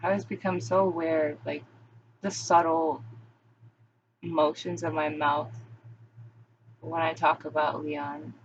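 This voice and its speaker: A woman's voice: low-pitched, flat delivery, unhurried, long pauses, a little hiss or hum. A young adult woman talking candidly in a rambling, confessional vlog monologue, full of "like" and restarts. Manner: rambling, candid, heavy use of "like". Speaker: vlogger. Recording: dull lo-fi recording.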